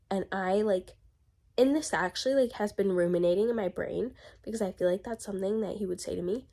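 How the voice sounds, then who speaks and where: A woman venting in a casual diary vlog, ranting and animated, with lots of "like" and "literally", still getting over being sick. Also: medium pitch, brisk. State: recovering from illness. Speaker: vlogger.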